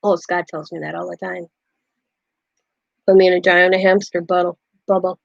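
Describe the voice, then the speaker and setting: A woman's voice: fairly low pitch, level tone, normal speed, vocal fry, dry recording, dull audio. A woman hosting a casual craft livestream, rambling through stories and laughing often. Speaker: craft channel host.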